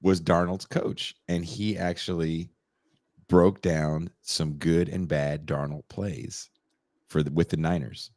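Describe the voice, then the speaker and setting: A man co-hosting a podcast in casual chat, bantering in a wry, expressive way. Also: low voice, slow pace. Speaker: podcast co-host.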